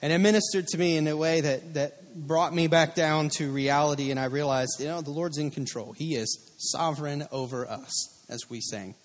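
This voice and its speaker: A man's voice: fairly high pitch, moderate pace. Earnest male pastor in a reverberant hall. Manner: earnest, personal storytelling with repeated key phrases. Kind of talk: sermon. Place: church sanctuary. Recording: long reverb of a church hall.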